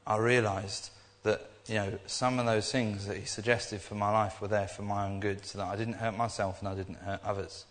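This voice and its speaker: Rambling young preacher in a hall. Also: male voice, lowish voice, level tone, normal speed, few pauses. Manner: rambling and earnest, with many restarts. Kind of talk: informal sermon. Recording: echoey hall.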